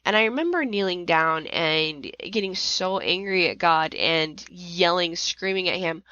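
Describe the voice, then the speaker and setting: A woman's voice: lowish voice, animated, unhurried, few pauses, no echo, lo-fi sound. A middle-aged woman hosting a podcast, telling a personal story with strong emotion and reliving her anger in raised outbursts. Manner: emotional, rising to near-shouting when reliving anger. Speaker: podcast host.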